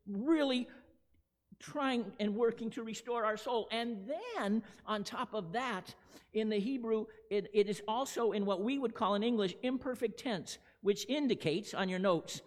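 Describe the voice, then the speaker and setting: Male pastor, earnest sermon delivery, high pitch, long hall reverb. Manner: earnest, swings from loud intense emphasis to hushed prayer.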